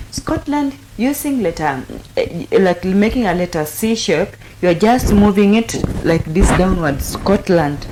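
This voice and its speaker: A woman with a lowish voice teaches sign language slowly and patiently, repeating each word many times. She pauses often with fillers. A faint hum of noise sits behind her. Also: a little mellow. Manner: patient, repetitive, with frequent fillers. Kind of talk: instructional explanation.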